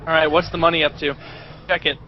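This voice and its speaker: A man's voice: a little high, little pitch movement, fast, dull audio. A man on voice chat teasing a friend in a wry way. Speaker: stream viewer on voice chat.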